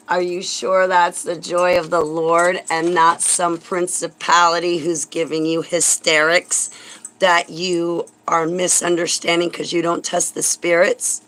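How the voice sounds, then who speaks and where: A woman's voice: lowish voice, level tone, unhurried, a bit bright, rough recording. A woman vlogger delivering a heated, sarcastic religious rant, indignant and swearing when angry.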